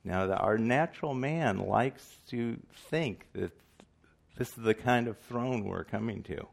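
A male preacher giving a casual, halting sermon that often pauses to apologise or find his place. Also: medium pitch, vocal fry. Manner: conversational, halting, self-deprecating.

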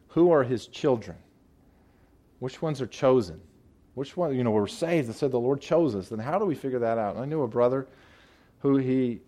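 A man's voice: medium pitch, darkish tone. A man preaching a sermon in an earnest, emphatic way, repeating phrases as he builds each point. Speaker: pastor.

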